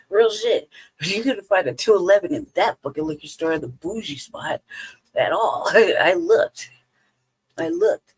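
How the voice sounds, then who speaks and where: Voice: mid-range voice, husky, low-quality recording. A live-stream host from Colorado telling a profane, rambling story at home, swearing constantly and laughing between lines. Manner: lively storytelling with quoted asides. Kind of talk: casual profane rant. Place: home, indoors.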